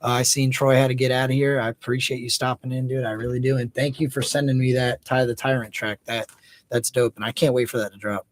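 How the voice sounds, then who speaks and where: A man's voice: mid-range voice, level tone, fast, dry recording. A man in his thirties hosting a casual livestream, chatting loosely and hyping up viewers by name. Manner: laid-back, hypes up viewers by name. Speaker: livestream host.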